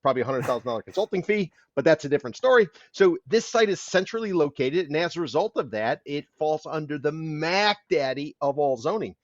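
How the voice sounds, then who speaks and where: A man's voice: a little high, expressive, a little fast, hardly any pauses, dry recording. Wry man podcast host, dry dull sound. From Miami. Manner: wry, fact-heavy storyteller. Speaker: podcast host, condo consultant. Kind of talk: casual podcast chat.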